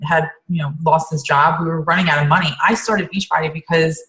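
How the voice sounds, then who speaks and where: Casting: woman team coach, low-ish voice, loose rambling talk, echoey room sound. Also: fairly even intonation, fairly quick, a bit bright. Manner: rambling, many fillers and restarts. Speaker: team coach on a group call. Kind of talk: casual team call chat.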